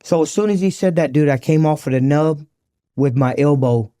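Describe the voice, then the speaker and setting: High-voiced man telling a slangy story. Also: normal speed, no room sound, studio quality. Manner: animated, slangy, acts out quoted dialogue. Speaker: podcast guest. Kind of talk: storytelling recovery testimony.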